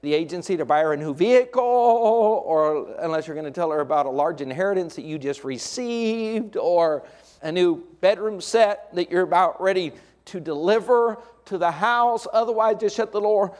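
A middle-aged male pastor preaching a sermon, moving between hushed, intimate lines and raised, emphatic points, with folksy humorous asides. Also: fairly high pitch.

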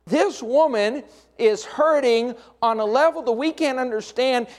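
A middle-aged man with a notably high-pitched voice preaches a sermon. He moves between soft, intimate passages and raised, emphatic declarations. Along the way he drops in dry, folksy asides. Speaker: pastor.

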